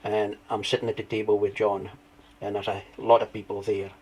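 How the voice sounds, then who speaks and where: A man telling his story as an interview guest, rambling through anecdotes with restarts and lively retellings. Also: on the low side, fairly quick, slightly rough, low-quality recording. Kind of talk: conversational storytelling.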